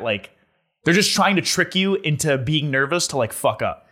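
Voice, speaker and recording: A young man telling a story in casual chat, animated and laughing as he goes, with lots of filler words. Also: a little high, fairly quick.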